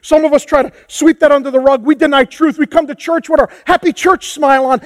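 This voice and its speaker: A man preaching a passionate sermon as pastor, moving from hushed tones to shouts. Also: extremely high pitch, steady tone, fast, few pauses, no echo. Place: church hall with a congregation.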